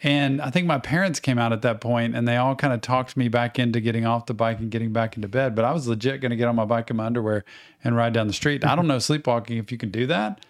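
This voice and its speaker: A middle-aged man co-hosting a podcast, telling childhood stories in a casual, animated way and acting out the quotes. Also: mid-range voice, fast talker. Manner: animated anecdotes with acted-out quotes. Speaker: podcast co-host. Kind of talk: casual storytelling chat.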